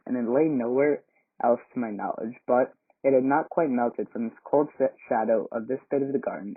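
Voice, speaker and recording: A man reading a classic novel aloud as a volunteer reader, measured, with small slips and restarts. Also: medium pitch. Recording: tinny phone-like sound.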